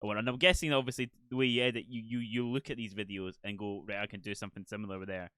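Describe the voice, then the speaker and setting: A man's voice: on the low side, fairly even intonation, fast, sharp tone, clean tone, dry recording. A man hosting a casual podcast chat, rambling and self-deprecating, laughing often. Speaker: podcast host.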